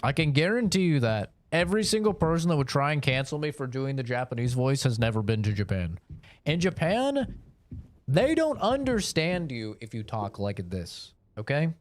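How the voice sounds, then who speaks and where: Animated streamer man. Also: on the high side, moderate pace. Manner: animated, rambling, profane. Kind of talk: live gameplay commentary.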